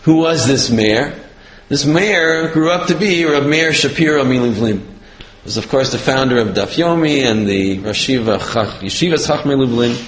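A man telling a religious lesson as a story, talking haltingly with many fillers and restarts. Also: mid-range voice, expressive. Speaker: religious teacher. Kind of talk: storytelling sermon. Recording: roomy echo.

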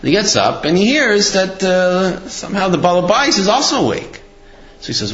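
A man teaches a religious lesson as an animated, conversational storyteller, his voice swinging widely and sitting a little high. The recording sounds roomy and somewhat dull. Faint noise sits behind him. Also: normal speed. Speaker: Torah teacher.

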